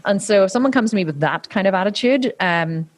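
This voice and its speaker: A woman's voice: medium pitch, a little fast. A woman, telling stories in a casual interview, acting out other people's voices and swearing freely. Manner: animated storyteller, acts out quoted voices, swears freely. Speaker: podcast host being interviewed.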